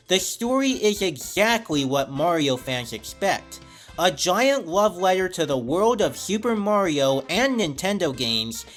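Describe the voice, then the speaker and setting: A man giving a scripted film review in an enthusiastic, animated way. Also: a little high.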